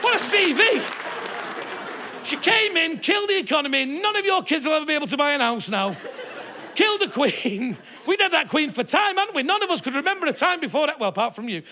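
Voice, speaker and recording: A man's voice: very high voice, sing-song, fairly quick, crowd noise, noisy background. A male stand-up comedian, swearing and mocking in a live comedy set in a theatre. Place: theatre stage before a live audience.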